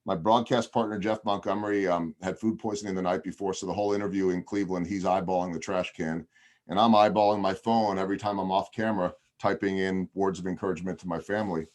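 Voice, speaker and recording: A man's voice: deep voice, fairly even intonation, fast talker, a little mellow. A man, a television broadcaster, telling a long story on a video podcast over a video call, chatty with frequent ums and restarts.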